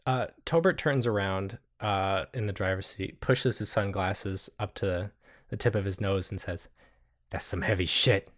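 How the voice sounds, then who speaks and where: A man's voice: low-pitched, measured pace. A man narrating a tabletop game as game master, casual and hesitant with many fillers.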